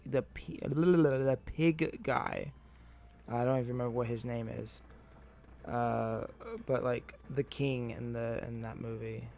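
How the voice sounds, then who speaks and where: A young adult man streaming a video game, tired and rambling, with profane deadpan grumbling. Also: medium pitch. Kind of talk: casual gameplay commentary.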